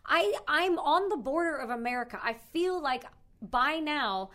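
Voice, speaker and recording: A woman with a Canadian accent and a fairly high voice, talking in relaxed back-and-forth chat. She is lively and quick to protest or tease. She sounds like a co-host on a casual talk show.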